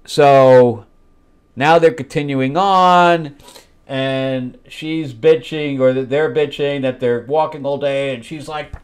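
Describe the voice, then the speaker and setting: Smooth and unhurried, this man's medium-pitched voice stays fairly even in intonation. Hosting a comic book review show, he vents open frustration, paging through the issue and mimicking the characters in mocking voices.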